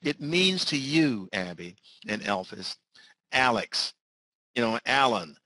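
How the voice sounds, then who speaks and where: A man presenting a sales webinar, talking fast and driving home the same point again and again. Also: very animated, sharp tone, no room sound, rough recording. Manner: fast-talking, repetitive pitch.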